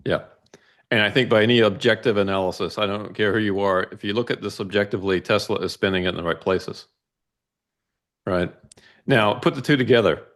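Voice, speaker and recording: A man with a fairly low voice explains financial charts in a methodical, conversational way. He steps through each figure carefully and often checks in with a quick "right?". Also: a bit bright. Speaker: investment analyst guest. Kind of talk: casual financial discussion walking through charts.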